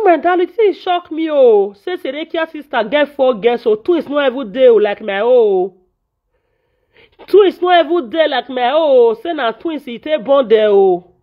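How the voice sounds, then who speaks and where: A Nigerian woman vlogger, venting in Pidgin English and scolding repetitively in an indignant tone. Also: on the high side. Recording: dull lo-fi audio.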